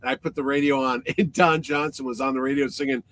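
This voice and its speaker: A man co-hosting a podcast, talking casually and excitably with quick interjections. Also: medium pitch. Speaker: podcast co-host. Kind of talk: casual chat. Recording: faint background noise.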